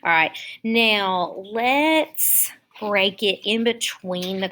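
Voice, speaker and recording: Slow, patient woman teaching phonics. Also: mid-range voice, animated, pushed and bright. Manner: slow, patient, step-by-step explaining. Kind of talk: phonics lesson for young children.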